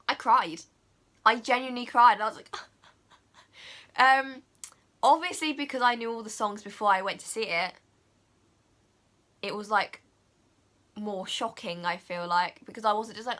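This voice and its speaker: A woman's voice: medium pitch, bright, forceful tone. A young woman vlogger gushing through a casual film review, filling her talk with "like" and "oh my God". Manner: gushing, heavy use of "like" and "oh my God".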